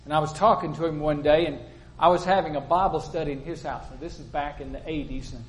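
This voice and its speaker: A man's voice: on the high side, steady tone, quick pace, rough recording. An older man preaching a sermon in a plain-spoken, storytelling way, acting out the people he quotes.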